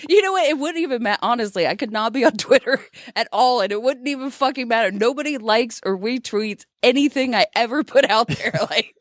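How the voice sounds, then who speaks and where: A woman's voice: on the high side, lively intonation, brisk, no room sound, studio quality. A woman in her thirties co-hosting a casual podcast, self-deprecating and laughing often. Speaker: podcast co-host.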